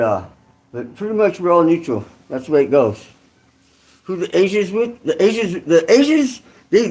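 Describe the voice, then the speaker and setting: High-voiced man rambling in street slang. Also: a little mellow. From California. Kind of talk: casual storytelling.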